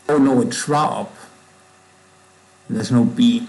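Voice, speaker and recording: Slow, gravelly man with German accent. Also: medium pitch, a little mellow, rough recording. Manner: slow, musing, self-correcting, trailing off. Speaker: coding livestream host. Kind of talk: thinking aloud while coding.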